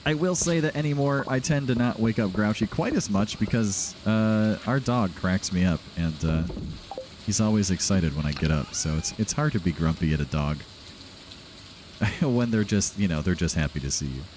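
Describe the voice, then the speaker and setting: Relaxed man hosting a game playthrough, low, lively voice, chatty and rambling. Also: moderate pace, slight background noise. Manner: chatty, rambling, laughs often. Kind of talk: casual gameplay commentary.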